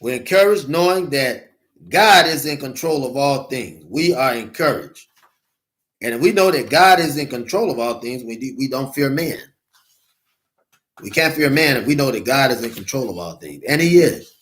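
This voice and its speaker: Bright, tense-voiced male preacher. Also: mid-range voice, animated. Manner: preaching with repeated rhetorical questions; reads scripture slowly and deliberately. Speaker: minister. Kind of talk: sermon.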